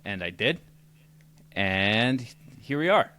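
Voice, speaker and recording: Chatty low-voiced man. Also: very animated, slow, bright, forceful tone, clean tone. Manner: loose and chatty, many fillers. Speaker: podcast co-host, guest. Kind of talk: casual interview chat.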